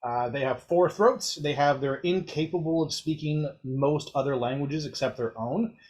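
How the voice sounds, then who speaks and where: Guy running a tabletop game, chatty, lots of ums, bit higher voice. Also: normal speed, a little mellow. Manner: chatty, descriptive, with frequent fillers and laughs. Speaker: game master.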